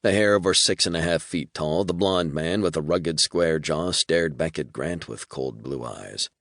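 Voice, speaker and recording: A man narrating an audiobook in a measured, storytelling manner. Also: rumbling low, fairly bright tone, dry recording, clean studio sound. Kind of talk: scripted narration.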